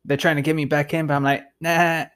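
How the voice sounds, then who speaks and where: A man's voice: fairly high pitch, little pitch movement, racing. Casual young man telling a story. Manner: loose, profane, rambling with lots of fillers and "dude". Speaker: podcast host.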